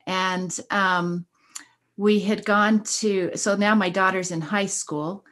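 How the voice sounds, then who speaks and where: A woman's voice: medium pitch, steady tone, slow, a bit bright. A middle-aged woman, a school counselor, telling a personal story in an earnest, encouraging way during a casual podcast conversation.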